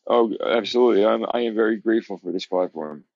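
Deep-voiced man, earnest and reassuring. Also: fast, gravelly, darkish tone, no room sound, dull audio. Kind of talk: casual chat.

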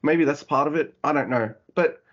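A man co-hosting a podcast, chatting casually in an animated way, swearing and acting out quotes. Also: on the high side, normal speed. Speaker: podcast co-host. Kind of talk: casual chat. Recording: dull lo-fi audio.

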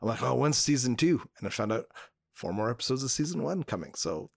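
A man's voice: medium pitch, very animated, creaky, dry recording. Chatty man on a podcast. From Canada. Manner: chatty, quick agreeing replies, laughs easily. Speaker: podcast co-host. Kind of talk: casual chat.

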